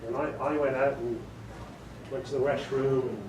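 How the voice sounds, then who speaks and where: Recorded distantly in a roomy meeting room with background noise, a middle-aged English voiceover artist tells jokey stories to an audience and fields their questions. He's chatty and laughs often, speaking in a steady mid-range voice at normal speed.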